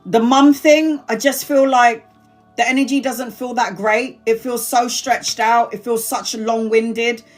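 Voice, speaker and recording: Woman, tarot reader, live-stream reading, a touch high-pitched, chatty, blunt, swears, calls people honey. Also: fairly even intonation, measured pace, faint music behind. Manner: addresses viewers as honey and sweetheart.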